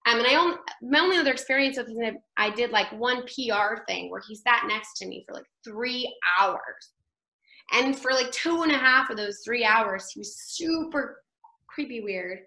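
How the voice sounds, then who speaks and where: A woman actress telling an anecdote as an interview guest, animated and chatty, laughing often and acting out what others said. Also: a little high, moderate pace, echoey room, poor audio.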